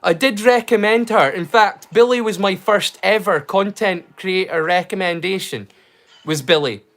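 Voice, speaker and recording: A Scottish man rambles through a casual livestream from his home, restarting sentences as he goes. His voice sits a bit higher than most men's. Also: moderate pace, a bit bright. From Scotland. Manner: chatty, rambling with restarts and Scots slang. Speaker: livestream host. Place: home in rural Scotland.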